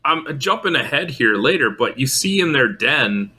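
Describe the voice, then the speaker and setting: A man's voice: mid-range voice, big pitch swings, normal speed, sharp tone, husky. A man co-hosting a podcast in casual chat, tossing in short wry quips. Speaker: podcast co-host.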